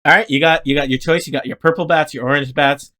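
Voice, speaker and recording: A man's voice: on the high side, fairly even intonation, fast talker, bright, forceful tone. A man running a tabletop game as game master, rambling with joking, self-deprecating asides.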